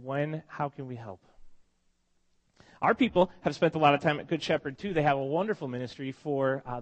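A man preaching a sermon to his congregation, telling stories in a conversational, heartfelt way with many restarts, while he has a cold. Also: a little high. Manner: conversational, emotional storytelling with frequent restarts. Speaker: pastor. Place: church congregation meeting in a school.

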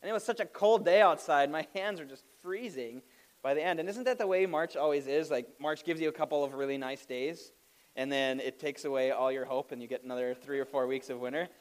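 A man's voice: on the high side, brisk. A man preaching a sermon, opening with a funny personal story and laughing at himself as he goes. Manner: animated storytelling with self-deprecating laughs. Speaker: pastor.

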